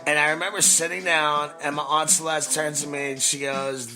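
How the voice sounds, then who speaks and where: A man's voice: fairly high pitch, little pitch movement, moderate pace, over music. A man in his forties, a podcast host, telling a nostalgic story with emphatic, repeated phrases. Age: 40s. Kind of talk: storytelling monologue.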